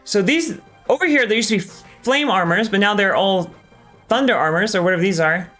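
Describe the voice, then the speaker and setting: A man's voice: high voice, fairly quick, fairly bright tone, soft background music. Candid, swearing male game streamer. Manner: casual, candid, swears often, hesitant with many ums. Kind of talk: live gameplay commentary.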